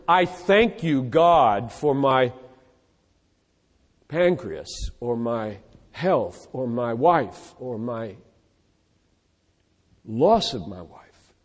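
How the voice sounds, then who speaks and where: A man's mid-range voice fills a big room as he preaches emphatically and with animation. He runs through scripture verses in rapid lists.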